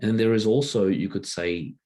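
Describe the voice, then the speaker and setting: A man's voice: lowish voice, normal speed, warm tone, breathy edge. A man giving a casual teaching talk as a workshop presenter, loose and conversational, with many rhetorical checks, drawing a diagram as he explains.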